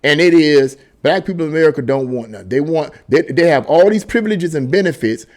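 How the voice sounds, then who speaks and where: A man's voice: fairly high pitch, expressive, a little fast. A middle-aged man giving a casual opinion monologue, emphatic and rambling, often restarting and repeating words. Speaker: political commentary vlogger.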